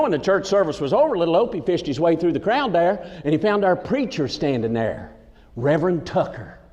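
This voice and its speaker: A man with a Southern drawl spins folksy comic stories and ribs the crowd in a chatty way. His voice sits a little high and swings up and down with lively energy. A long hall echo hangs behind him. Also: highs cut off. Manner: folksy, chatty, teasing the audience. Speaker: comedic entertainer. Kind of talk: stand-up storytelling in a folksy character. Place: large conference hall with a live audience. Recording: echoey hall.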